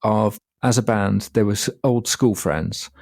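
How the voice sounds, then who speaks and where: Low gravelly guy co-hosting a podcast, laid-back storyteller, dry close mic. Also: a little slow, no echo. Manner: relaxed storytelling, laughs easily. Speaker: podcast co-host. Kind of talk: casual chat.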